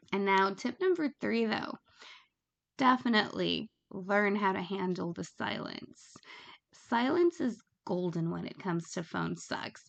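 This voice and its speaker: Frank, gravelly woman coaching. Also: mid-range voice, fairly bright tone. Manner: frank, chatty, laughs at her own examples. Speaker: phone sex operator coach. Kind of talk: casual instructional talk.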